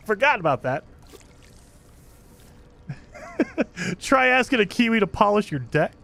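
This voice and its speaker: A man's voice: high-pitched, big pitch swings, slow pace, gravelly, pauses often, pushed and bright. A man chatting casually on a live stream, reading chat aloud, laughing often and restarting his sentences.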